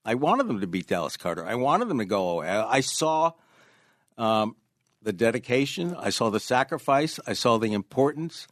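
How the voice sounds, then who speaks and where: A man's voice: medium pitch, big pitch swings, normal speed, fairly bright tone, no room sound, clean studio sound. A man in his sixties from New York with a New York accent, a guest author telling stories in an interview and hammering home points by repeating them. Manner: emphatic, repeats key phrases. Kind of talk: casual interview storytelling.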